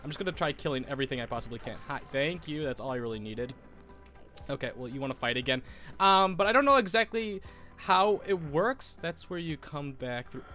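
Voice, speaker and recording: A man's voice: fairly high pitch, expressive, fairly quick, bright, forceful tone, soft background music. A young American man with a cold, stuffy and sniffling, rambling through casual gameplay commentary as a Minecraft YouTuber. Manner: rambling, self-correcting, sniffling.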